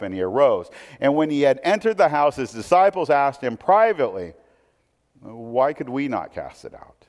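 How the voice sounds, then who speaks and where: A male pastor delivers a sermon in a slightly raised voice. He moves between reading scripture aloud and explaining it in an easy, conversational manner. The sound carries a long reverb, as in a large hall. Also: a little high.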